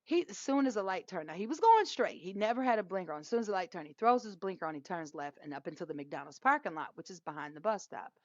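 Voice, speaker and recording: Middle-aged woman podcast co-host, lively storyteller, dull dry lo-fi sound. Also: fairly low pitch, quick pace, few pauses, dry recording. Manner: animated storyteller, laughs often, acts out quoted lines. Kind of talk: casual storytelling chat.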